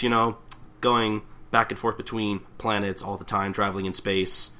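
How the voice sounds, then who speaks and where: A man's voice: fairly low pitch, flat delivery, a little slow, bright, forceful tone. A young man co-hosting a podcast, recapping manga chapters in a rambling, casual way that keeps stopping and restarting. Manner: rambling, self-interrupting, acts out characters' lines. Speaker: podcast co-host.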